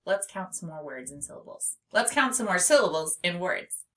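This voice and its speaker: A woman teaching a phonics lesson, speaking slowly and stretching words out syllable by syllable. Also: lowish voice, big pitch swings, over music. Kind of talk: slow, clear classroom instruction.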